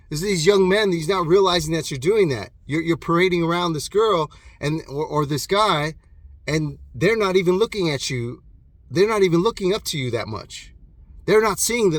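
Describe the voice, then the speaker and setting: Passionate, profane man, slightly high voice. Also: dry recording. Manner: passionate and profane, swings between loud bursts and hushed intensity. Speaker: motivational vlogger. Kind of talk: impassioned motivational monologue. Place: alone in his own private room.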